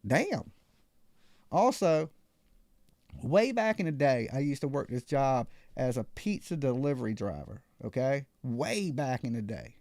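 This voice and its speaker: A man's voice: medium pitch, sing-song, measured pace, a little mellow, no room sound, studio quality. A man hosting a live call-in show, telling a story casually and acting out other people's lines.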